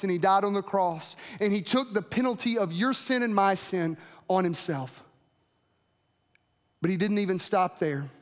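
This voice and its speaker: High-voiced preacher in a reverberant hall. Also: male voice. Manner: earnest preaching, rising and dropping for emphasis. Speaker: pastor. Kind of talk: sermon.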